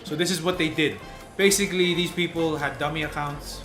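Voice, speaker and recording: Man, podcast co-host, a bit high voice, roomy room, music underneath, rambling casual talk. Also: steady tone, fairly quick. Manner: rambling, restarts, explains news loosely. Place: shared room, four hosts on one mic.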